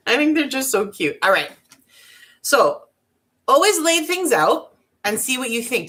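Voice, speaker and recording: A woman's voice: mid-range voice, big pitch swings, moderate pace, fairly bright tone. A woman giving a casual crafting tutorial, chatty and bubbly with giggly asides. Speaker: craft vlogger.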